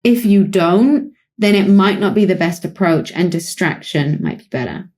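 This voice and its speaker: British woman, British accent, lowish voice, calm explanatory podcast talk, psychologist co-host. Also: moderate pace. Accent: British English. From Britain. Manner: calm, explanatory, with light laughs. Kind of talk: conversational podcast discussion.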